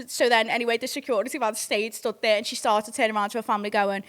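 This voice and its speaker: A young woman from near Liverpool, with a Northwest English accent, hosts a podcast in a casual storytime style. Her voice is a little high and a bit bright, with a steady tone and fast delivery. She tells her stories candidly, swears freely, and keeps checking in with listeners.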